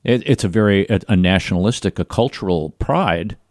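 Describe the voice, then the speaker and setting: A man's voice: low voice, lively intonation, a little fast, darkish tone, dry recording, clean studio sound. An American man in a casual chat, asking questions and giving brief replies.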